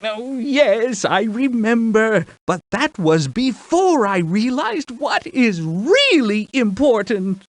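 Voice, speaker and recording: Slow-talking woman reading along. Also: on the high side, big pitch swings. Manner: slow, repeats story lines aloud. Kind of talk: casual play-along repeating lines.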